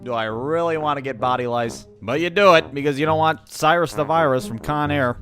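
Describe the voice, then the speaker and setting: A man's voice: a little high, a little fast, a bit bright, soft background music. A young man telling comic childhood stories in a profane, exasperated, punchy way. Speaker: comedic storyteller. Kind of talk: animated comedic storytelling.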